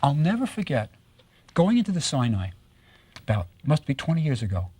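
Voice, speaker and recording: A man giving a recorded lecture on Egyptology, telling stories with lively rhetorical questions and frequent tag questions. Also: on the high side, fairly quick, husky. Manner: animated storytelling with rhetorical questions; tags statements with "right?".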